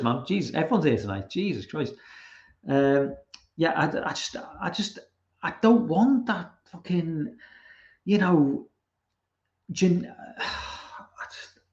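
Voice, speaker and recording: A man's voice: a little high, a little mellow. A young man hosting a livestream, reading chat and ranting casually with lots of swearing and restarts. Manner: rambling, swearing, many restarts. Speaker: livestream host. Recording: roomy, dull lo-fi sound.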